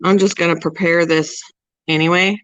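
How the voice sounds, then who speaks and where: A woman's voice: on the low side, steady tone, normal speed, no room sound, low-quality recording. A woman hosting a pet channel, chatting casually on a live stream and cooing to her small pets between remarks.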